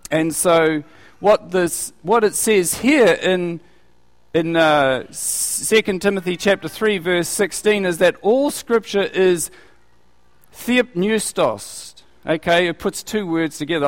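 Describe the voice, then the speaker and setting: A man with a slightly raised voice teaches from the Bible in a relaxed, conversational way, putting questions to his listeners. His voice carries a long reverberation from the hall around him. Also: on the high side. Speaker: preacher.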